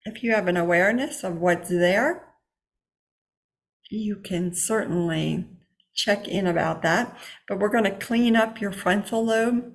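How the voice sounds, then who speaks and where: Host, woman, leads a spiritual healing circle; slow, unhurried delivery, mid pitch, affirming tone. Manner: encouraging, affirming, repetitive phrasing. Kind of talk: spiritual guidance talk. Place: home, online session.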